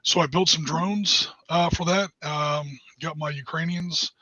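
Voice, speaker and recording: A man co-hosting a casual podcast, chatty and hesitant with many pauses. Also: fairly high pitch, fairly even intonation, sharp tone, no room sound. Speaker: podcast co-host. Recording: dull dry lo-fi mic.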